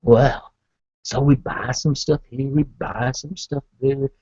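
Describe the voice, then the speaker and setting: Guy rambling a funny story in groovy slang, raspy, dry muffled audio. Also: medium pitch, steady tone, slow, mellow, no echo. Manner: hip retro slang, chatty. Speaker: comic storyteller. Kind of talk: rambling comic monologue. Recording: dull lo-fi dry sound.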